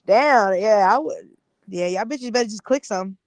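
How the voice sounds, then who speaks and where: A woman's voice: medium pitch, lively intonation, normal speed, a little mellow, no room sound. A woman co-hosting a podcast, chatting loosely, laughing often and mimicking other people. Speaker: podcast co-host. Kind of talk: casual podcast chat.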